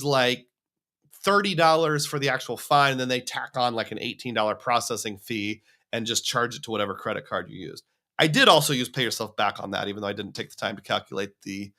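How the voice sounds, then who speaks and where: An American man hosts a livestream, rambling casually while he reads out viewer comments. His voice sits in the mid range and has a sharp edge.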